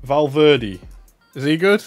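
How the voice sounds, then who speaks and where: Excitable man streaming live. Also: on the high side, takes it slowly, no echo, faint music behind. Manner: excitable, chatty, swings between loud hype and muttering asides. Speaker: livestreamer opening trading cards. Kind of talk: casual live-stream commentary.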